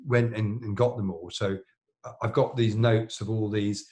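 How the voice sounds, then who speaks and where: A middle-aged man with a fairly low voice telling stories in a relaxed podcast chat. He wanders through his anecdotes, restarting sentences and padding them with fillers. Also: normal speed. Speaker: plastic surgeon, podcast co-host. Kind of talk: casual storytelling chat.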